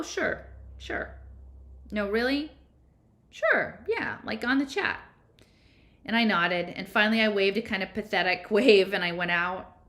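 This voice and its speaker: A woman reads a first-person novel aloud, conversational and a little unpolished, with small slips. Her voice sits slightly low. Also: fairly bright tone. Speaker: audiobook reader.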